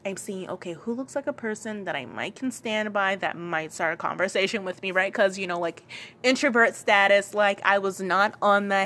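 A young businesswoman from Charleston, South Carolina tells her own story in a casual, chatty way, her mid-range voice a bit bright and her speed normal. She has a light Gullah Geechee Lowcountry accent. She uses lots of fillers and repeats lines for emphasis.

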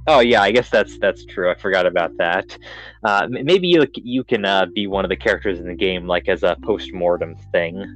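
A man's voice: deep voice, moderate pace, fairly bright tone, soft background music, poor audio. Rambling young man, podcast chat. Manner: rambling, many fillers and restarts. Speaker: podcast host. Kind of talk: casual chat.

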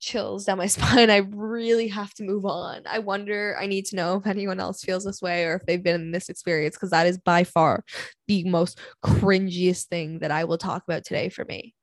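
A young woman in her twenties hosts a candid solo podcast with a noticeably gravelly, fry-heavy voice. She talks bluntly and dramatically, swearing freely and sighing often. The sound is close and dry, with no room echo. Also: lowish voice, fairly even intonation, normal speed. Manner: blunt, profane and dramatic, with frequent sighs. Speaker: podcast host.

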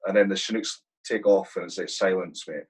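A man's voice: low voice, fairly even intonation, brisk, slightly rough, low-quality recording. A man, an army sergeant, telling war stories in a casual interview, swearing constantly and saying "mate" a lot. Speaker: guest, army platoon sergeant.

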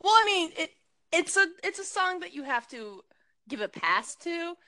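A young woman co-hosting a casual chat, blunt and opinionated, with quick jokes. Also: very high voice, very animated, sharp tone, dry recording. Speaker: podcast co-host.

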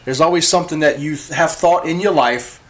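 A man's voice: a little high, a little fast, fairly bright tone. A man co-hosting a podcast in casual chat, earnest and full of fillers. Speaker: podcast co-host.

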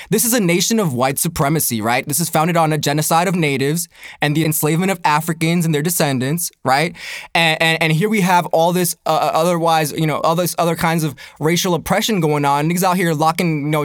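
Speaking fast in a fairly high voice, a young man delivers a profane, comedic, animated rant, laughing a lot as his voice leaps when he gets heated. The recording is dry and studio-clean.

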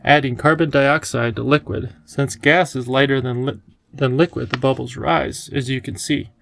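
A man voicing a wise, playful elderly male professor who talks in a gentle, enthusiastic teacherly way. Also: medium pitch, steady tone, moderate pace, vocal fry, a little hiss or hum. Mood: kindly.

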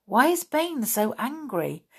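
A woman's voice: on the high side, big pitch swings, slow, slightly rough, pitched above the performer's own voice, heavily acted. A woman voicing a frightened schoolboy wizard who speaks in a startled, breathless way. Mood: puzzled.

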